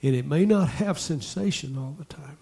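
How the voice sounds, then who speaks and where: A man preaching a sermon, talking to the congregation in asides and repeating lines as he builds to loud exhortation. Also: fairly high pitch, moderate pace, creaky. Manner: impassioned, repetitive preaching that swells to loud exhortation. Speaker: pastor.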